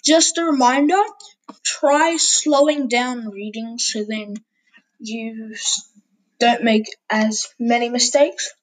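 A woman with a higher voice leaves a blunt, offhand voice message for a podcast. She talks slowly. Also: fairly even intonation, poor audio. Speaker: listener leaving a voice message. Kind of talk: recorded voice message.

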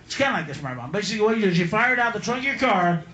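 A man's voice: high-pitched, very animated, very fast, slight background noise. A man performing a profane, mocking stand-up comedy routine, laughing mid-line, at a live comedy venue. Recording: echoey live room with loud crowd.

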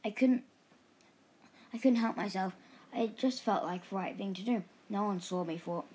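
A woman's voice: medium pitch, normal speed, warm tone, close to an everyday voice. Woman doing an eager, sheepish boy hyena. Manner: sheepish, confiding storybook reading.

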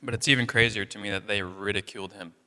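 Speaking fast in a large hall, a young preacher keeps his sermon conversational, loaded with fillers and voiced-out reactions from the people he describes. His pitch is fairly low, his tone steady and sharp.

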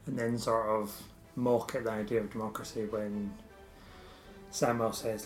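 A man's voice: fairly low pitch, flat delivery, normal speed, reverberant, faint music behind. A man co-hosting a casual TV review chat, wry and conversational. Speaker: podcast co-host.

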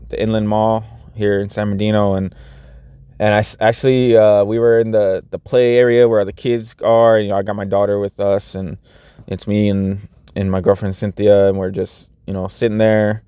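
Man, thirties, low voice, smooth and clear, dry close sound, casual vlog, earnest, rambling with restarts. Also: warm tone, no room sound. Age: 30s. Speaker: vlogger and after-school teacher. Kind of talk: casual vlog talk to viewers.

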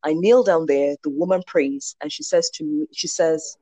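Woman, 40s, from Nigeria. Lively testimony teller, slightly low voice, dry close sound. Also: normal speed, no room sound. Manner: animated storyteller, acts out quoted voices. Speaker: guest sharing a testimony. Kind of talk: personal faith testimony.

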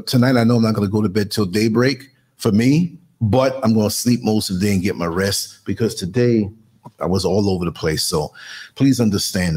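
A man's voice: on the low side, a little mellow, husky. A man in his sixties hosting a live-streamed talk show under studio lights, talking in an emphatic, motivational way. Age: 60s. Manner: emphatic, motivational, fights in boxing terms.

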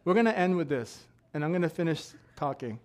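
Man preaching, shouting then quiet asides. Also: on the high side, animated, a little fast. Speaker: pastor. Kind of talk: sermon. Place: church.

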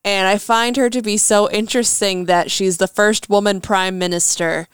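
A woman's voice: mid-range voice, fairly even intonation, moderate pace, smooth, no room sound, clean studio sound. A woman co-hosting a podcast, chatting casually and musing aloud as she searches for words. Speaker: podcast co-host. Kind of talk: casual chat.

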